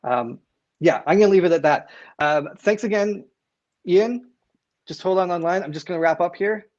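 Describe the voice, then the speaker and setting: A man from Canada who hosts a real estate live stream, earnest and halting, with many fillers and restarts as he signs off. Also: sits high, a little mellow, no room sound, muffled recording. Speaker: real estate agent and show host.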